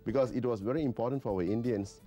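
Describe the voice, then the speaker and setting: A man's voice: medium pitch, fast talker, warm tone, soft background music. An older man, a guest on a radio show, talking in a rambling way and often adding "you see". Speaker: president of a traders association, studio guest. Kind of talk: radio interview.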